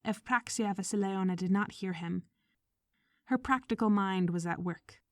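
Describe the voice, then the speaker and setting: A woman reading a short story aloud in measured audiobook narration, sometimes dropping to a whisper. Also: mid-range voice, dry recording, studio quality. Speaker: audiobook reader.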